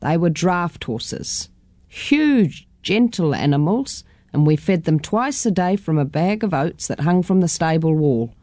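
A gentle old grandmother from a storybook speaks slowly and softly about the past, as a woman reader puts her on. Her tone is mellow and low, in a dry, close recording. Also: animated, no echo. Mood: reminiscing. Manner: slow, soft, reminiscing.

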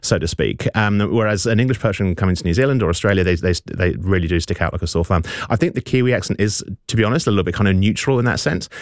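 A man's voice: on the low side, fast, few pauses, no echo, clean studio sound. A man speaking as a resident linguist panelist on a radio show, talkative, stumbling and repeating words.

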